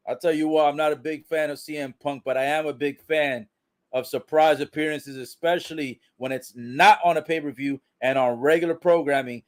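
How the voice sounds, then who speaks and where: A man reacting live to a wrestling broadcast, calling the action with frequent swearing and excited exclamations. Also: fairly high pitch.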